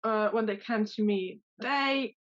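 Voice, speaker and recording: Guest woman, dog trainer; halting, filler-heavy speech; muffled lo-fi audio. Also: medium pitch. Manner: hesitant, many fillers and restarts. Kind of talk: interview answers.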